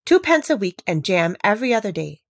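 A woman's voice: medium pitch, very animated, a little fast, dry recording, studio quality. A woman voicing a flustered, helpless, untidy queen who speaks in a melancholy, groaning way. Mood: plaintive.

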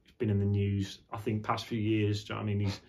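A man with a slightly low voice chats loosely to camera from his home studio. He rambles, swears freely and keeps tossing in fillers. Casual and unscripted. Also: monotone, fast talker, mellow. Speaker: vlogger. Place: indoor home studio, seated on a squeaky chair.

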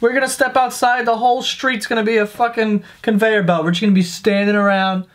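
A man's voice: high voice, level tone, brisk, a bit bright. Profane, sarcastic young man ranting. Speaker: comedy vlogger. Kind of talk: comedic rant to camera.

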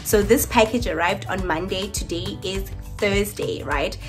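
A woman telling a story to camera in a lively, chatty way and addressing her viewers directly. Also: medium pitch, a little slow, music in the background. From South Africa. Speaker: YouTuber. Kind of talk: casual storytime chat to camera.

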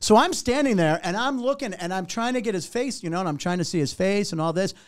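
A middle-aged man, a comedian and warm-up host, telling an animated, profane story and acting out other people's lines. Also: high voice, fast, dry recording. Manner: animated, profane, acts out other voices in anecdotes. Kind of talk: casual storytelling.

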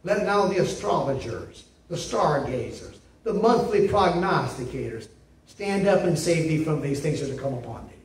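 A man's voice: fairly high pitch, lively intonation, normal speed, a little hiss or hum. A male pastor preaching a sermon in an emphatic, repetitive way, often checking in with "see?". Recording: echoey room, mic at a distance.

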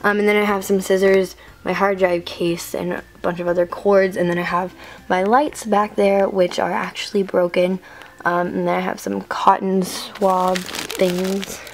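A woman's voice: medium pitch, level tone, measured pace. A teenage woman in her bedroom, giving a casual room tour, chatty and rambling with lots of ums. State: slightly out of breath. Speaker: vlogger. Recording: noticeable background noise.

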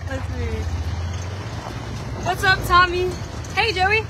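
A woman chatting casually in a vlog outdoors, mostly with brief greetings and quick remarks. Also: very high voice, lively intonation, background noise.

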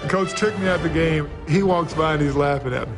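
A former player telling a casual story about himself in a wry, self-mocking way. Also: male voice, a little high, fast, music in the background.

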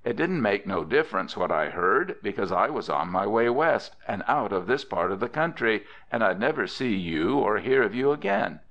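A frank young cowboy, as a male narrator voices him, easygoing and plain-spoken with a western drawl. The voice sits low with a lively, moving pitch. The recording is dull and lo-fi. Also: normal speed, creaky, hardly any pauses.

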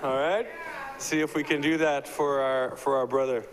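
A man's voice: mid-range voice, steady tone, normal speed, slight background noise, rough recording. A man hosting a memorial gathering, talking casually with hesitations and leading the crowd in a chant.

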